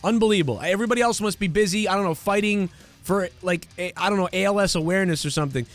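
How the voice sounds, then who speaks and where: A man's voice: high-pitched, very fast, faint music behind. A young man hosting a podcast, ranting casually with lots of swearing, fillers and restarts. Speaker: podcast host. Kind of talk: casual comedic rant.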